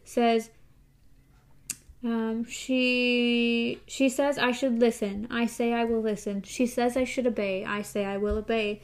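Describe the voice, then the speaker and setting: A woman's voice: fairly high pitch, flat delivery, takes it slowly. A woman host casually recapping a book and reading passages aloud. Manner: recaps chattily with fillers.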